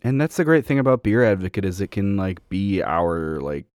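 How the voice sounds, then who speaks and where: A young man with a lowish voice chats loosely as a co-host, rambling through his thoughts with plenty of ums and restarts. The recording is close and dry, with no room sound. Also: very animated, normal speed, a little mellow, dry recording. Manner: rambling, hesitant, lots of fillers. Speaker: podcast co-host. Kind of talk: casual chat.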